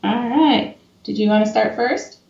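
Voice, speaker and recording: A woman's voice: fairly high pitch, vocal fry, darkish tone. Joking woman co-host in an echoey room. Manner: teasing and upbeat, quick to joke. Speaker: podcast co-host, medium. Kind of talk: casual podcast chat. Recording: echoey room, muffled mic.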